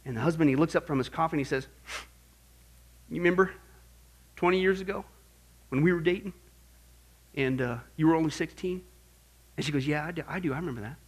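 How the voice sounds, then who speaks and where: A man preaching a sermon to his congregation, animated and joking, firing off rhetorical questions. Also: a little high, fairly quick, pauses often, slightly rough. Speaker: pastor.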